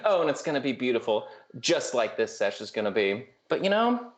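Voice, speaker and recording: A man's voice: medium pitch, sing-song, fairly quick, a little hiss or hum. A man with an upbeat manner who laughs often, chatting casually as a player on a live stream.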